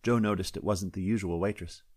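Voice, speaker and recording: A man, the author, reading his science-fiction story aloud in a steady, wry narrating manner. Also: low-pitched, brisk, husky, no echo. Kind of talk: scripted audiobook narration. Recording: dry close-up studio sound.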